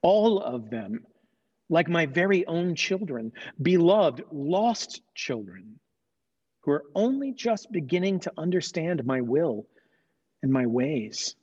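A man's voice: a little high, sing-song, slow, a little mellow, husky, heavily acted. Man speaking as God, stern and fatherly. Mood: stern pleading. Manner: earnest, questioning, rising to emphatic. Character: God, stern yet tender fatherly deity. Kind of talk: dramatized sermon retelling. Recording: dull lo-fi recording.

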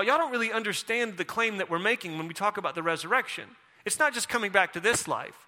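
Bright-voiced preacher in an echoing hall. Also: male voice, high voice. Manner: casual and conversational, with playful asides. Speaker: pastor. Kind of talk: sermon. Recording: long hall reverb.

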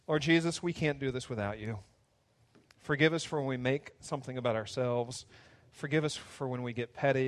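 A man preaching a sermon as pastor, earnest and preacherly, in a church sanctuary. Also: medium pitch. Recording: long hall reverb.

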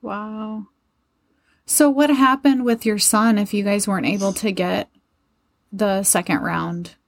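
A woman's voice: medium pitch, steady tone, a little slow. A woman interviewing a guest, asking short questions and reacting attentively.

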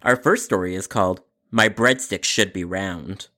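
A man's voice: deep voice, normal speed, bright, forceful tone. A man hosting a podcast, narrating a customer service story with an exasperated, sarcastic inner monologue. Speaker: podcast host.

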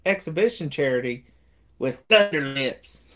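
Guy on a podcast chatting movies, loose and lively, keeps doing the lines and laughing. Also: on the high side, moderate pace. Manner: animated retelling, acting out movie lines with laughs. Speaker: podcast co-host. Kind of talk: casual movie review chat.

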